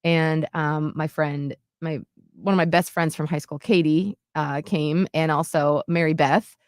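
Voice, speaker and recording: A woman's voice: low voice, fairly even intonation, unhurried, no room sound, clean studio sound. A woman in her late thirties, co-hosting a podcast and telling a personal story in an earnest, heartfelt way, with many "like"s and restarts. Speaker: podcast co-host. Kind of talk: casual storytelling chat.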